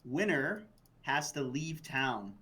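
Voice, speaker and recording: Slow-talking man player over clicking noise. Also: medium pitch, very animated. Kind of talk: casual chat at a tabletop game.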